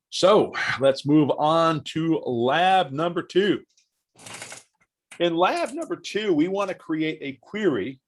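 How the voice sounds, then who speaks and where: Chatty male trainer guiding a class. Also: on the high side. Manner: chatty, asks the class questions, walks through steps aloud. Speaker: software trainer. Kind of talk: live online training session.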